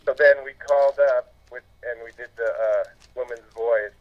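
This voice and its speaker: Relaxed man on a dull phone line. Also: mid-range voice, fairly quick. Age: 40s. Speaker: phone-in guest. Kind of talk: casual chat.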